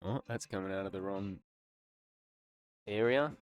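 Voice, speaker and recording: A man's voice: deep voice, a little slow. A man streaming live, chatting casually with his viewers in a laid-back, slangy way. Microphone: desk mic. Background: faint background music.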